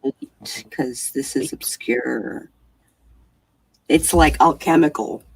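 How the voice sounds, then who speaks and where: A woman acting as storyteller for a tabletop role-playing game, talking in a relaxed, hesitant way with many fillers. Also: very deep voice, slow pace, vocal fry, far from the mic.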